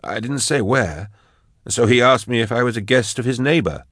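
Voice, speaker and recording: A man's voice: mid-range voice, expressive, normal speed, a bit bright, dry recording, clean studio sound, voice pushed up. A man voicing a shaken older male scholar who hesitates and gropes for words. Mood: uneasy.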